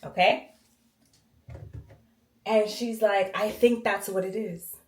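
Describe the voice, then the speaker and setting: A woman telling a personal story casually to camera while cleaning her bathroom, animated and slangy, acting out the voices of the people in it. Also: mid-range voice, a little slow. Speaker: vlogger. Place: home bathroom. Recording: echoey bathroom.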